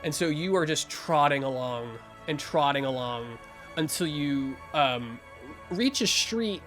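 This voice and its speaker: A man's voice: on the high side, lively intonation, unhurried, fairly bright tone, faint music behind. A man narrating as game master of a tabletop game, improvising with lots of fillers and restarts.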